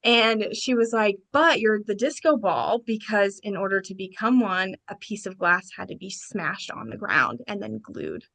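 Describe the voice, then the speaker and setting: A woman guest on a podcast, telling her own story with animated energy. She jumps into quoted lines from friends in quick, lively bursts, at a pitch of middling height for a woman. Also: creaky. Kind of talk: personal storytelling in a podcast interview.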